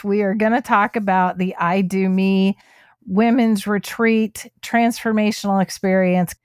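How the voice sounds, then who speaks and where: A woman hosts a podcast in a relaxed, unhurried way, gushing with enthusiasm as she chats. Her voice sits at a middle pitch and is recorded close and dry, with no room sound around it. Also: clear, resonant tone, no room sound. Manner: effusive, enthusiastic. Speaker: podcast host. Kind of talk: casual podcast chat.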